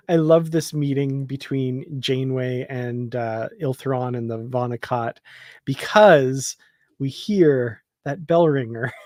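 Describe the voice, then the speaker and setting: A man's voice: medium pitch, darkish tone, no room sound, studio quality. A man co-hosting a casual fan discussion, enthusiastic and laughing often, with lots of fillers. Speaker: podcast co-host.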